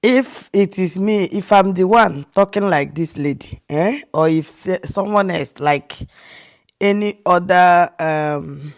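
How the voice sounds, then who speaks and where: A woman's voice: on the low side, takes it slowly. A Nigerian woman from Nigeria giving casual reaction commentary as a vlogger, incredulous and rhetorical, often restarting her sentences.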